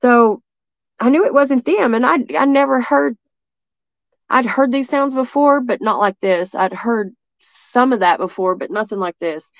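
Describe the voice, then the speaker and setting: A woman from East Tennessee with a Southern accent, telling a story as a guest in a rambling, excitable way full of restarts. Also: fairly high pitch, a little slow, no room sound, highs cut off. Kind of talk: casual storytelling.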